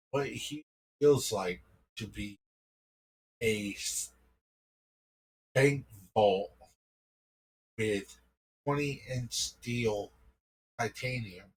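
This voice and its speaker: A man improvises a story in a rambling, casual way. His voice is low and husky, and he talks very slowly. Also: low-quality recording.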